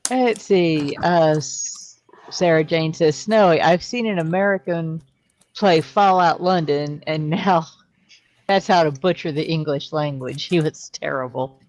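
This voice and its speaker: A host reading out viewer comments in a relaxed way, laughing easily. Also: medium pitch, measured pace, no room sound. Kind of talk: casual chat.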